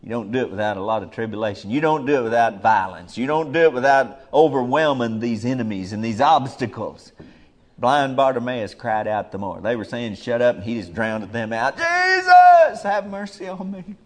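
A man preaching a sermon, emphatic, swinging between soft murmurs and loud urgent calls. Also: medium pitch, brisk.

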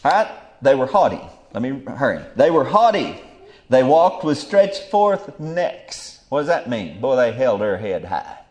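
A middle-aged man preaching a fiery Bible sermon. He drops to low murmurs, then bursts into loud exclamations. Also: big pitch swings, unhurried.

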